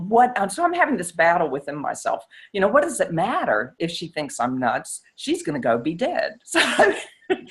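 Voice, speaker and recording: A middle-aged woman, a psychiatrist, telling a story in an interview and acting out the quoted exchanges with animation. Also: lowish voice.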